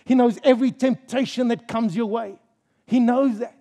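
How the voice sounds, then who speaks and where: A man's voice: very high-pitched, steady tone, moderate pace, dark tone, highs cut off. A male pastor preaching a sermon in a church service, stressing his points with rhetorical questions and repeated phrases.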